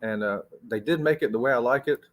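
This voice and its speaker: A chatty travel channel host from Florida livestreams from a hotel room, laughing often and calling everyone y'all. He talks fast in a mid-range voice.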